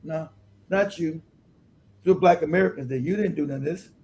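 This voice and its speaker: A man's voice: a little high, normal speed, a little mellow, a little hiss or hum, low-quality recording. A man from California hosting a livestream, ranting casually with profanity and frequent laughs. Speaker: host.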